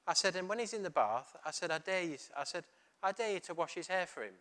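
A man's voice: high-pitched, fast talker. A middle-aged man giving a sermon, telling a story and acting out the dialogue. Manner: storytelling, animated, retelling dialogue. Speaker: preacher.

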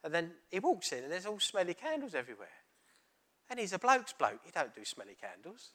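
A man's voice: high-pitched, brisk. A middle-aged man giving a sermon, telling a story and acting out the dialogue. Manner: storytelling, animated, retelling dialogue. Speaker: preacher.

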